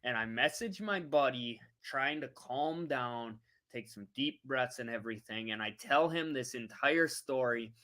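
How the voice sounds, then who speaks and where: Slow-talking woman telling a story. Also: rumbling low. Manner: animated, laughing, talks to chat viewers. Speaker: vlogger telling a travel story. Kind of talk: casual livestream storytelling.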